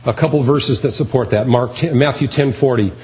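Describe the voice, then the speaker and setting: A man's voice: medium pitch, brisk, a little mellow, poor audio. Earnest preaching man, repeating phrases. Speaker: pastor. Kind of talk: sermon.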